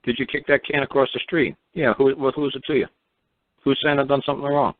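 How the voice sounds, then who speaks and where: A man's voice: medium pitch, level tone, fairly quick, dry recording. A man from New hosts a call-in show, blunt and profane, firing off repeated rhetorical questions. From New York. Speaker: radio show host. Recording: dry, tinny phone-line sound.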